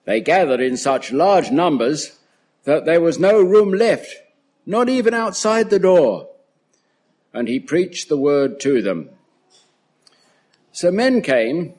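A man reading a Bible passage aloud at a church service, careful and unhurried. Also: on the high side, darkish tone, husky. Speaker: Bible reader.

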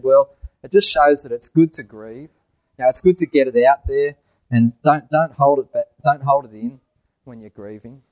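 A man's voice: medium pitch, a little mellow, dry recording, low-quality recording. A man preaching a sermon in church, asking the congregation questions and telling jokes.

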